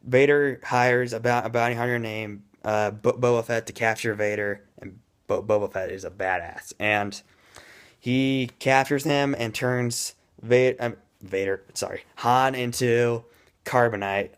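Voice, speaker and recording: Rambling, excitable man reviewing a movie. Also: mid-range voice, clear, resonant tone. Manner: excitable and rambling, admits he talks fast.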